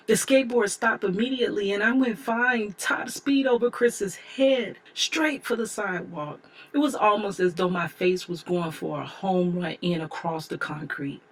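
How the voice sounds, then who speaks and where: A woman's voice: medium pitch, a bit bright, breathy edge. A woman in her forties reading her own memoir aloud as an audiobook, telling it candidly with chatty asides to the listener. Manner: candid storytelling, conversational asides. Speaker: memoir author and narrator.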